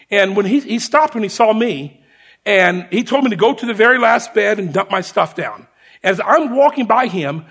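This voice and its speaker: A man's voice: high-pitched, breathy edge. A man preaching, telling a personal story to his congregation as a sermon. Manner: animated storyteller addressing a congregation.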